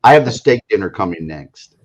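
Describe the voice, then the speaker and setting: A man's voice: deep voice, expressive, a little fast. A man from Michigan joining a casual live video chat as a guest, making dry jokes. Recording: dull lo-fi sound.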